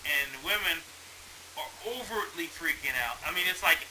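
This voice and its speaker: A man hosting a casual movie review chat, rambling and animated as he retells the plot with lots of swearing. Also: on the high side, normal speed, a little hiss or hum, rough recording. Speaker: movie review show host.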